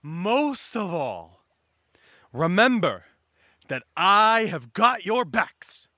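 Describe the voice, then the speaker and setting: A man's voice: high voice, very animated, very slow, no room sound, clean studio sound, full character voice. Buggy, a bombastic clown pirate as a man voices him. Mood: rousing. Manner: bombastic rallying speeches, yells. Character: boastful loud male clown pirate captain.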